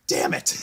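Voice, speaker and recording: Man, host, live sports talk, animated self-deprecating storyteller, bright tense voice. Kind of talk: casual sports chat. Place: remote stream call.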